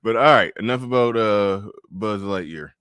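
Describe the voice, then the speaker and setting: A man's voice: fairly low pitch, normal speed, fairly bright tone, clean tone, dry recording. Loose, laughing male podcast host. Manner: loose, profane, laughs often, many restarts. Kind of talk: casual political chat.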